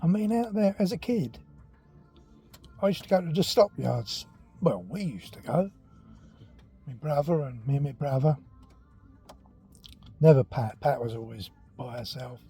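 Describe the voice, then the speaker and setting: An older man telling stories in a loose, rambling voice, with a husky, breathy edge and a dark, mellow tone. He talks casually and now and then sinks almost to a whisper. Faint music plays behind him. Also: fairly high pitch, expressive, unhurried, long pauses. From England. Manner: rambling and chatty, drops to near whispers at times. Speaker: walking vlog host telling childhood stories. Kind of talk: casual storytelling.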